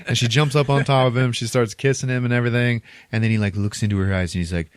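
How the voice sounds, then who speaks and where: A man's voice: fairly low pitch, fast talker, dry recording. A man co-hosting a podcast, casually retelling a film plot in a rambling way, chuckling between lines and saying "like" a lot. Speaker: podcast co-host.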